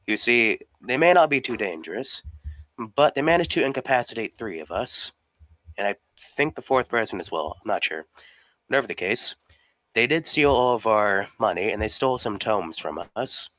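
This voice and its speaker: A man's voice: lowish voice, expressive, moderate pace, fairly bright tone, no echo. A man playing a character in a tabletop game, speaking politely and formally in character. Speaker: player. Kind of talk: in-character tabletop role-play.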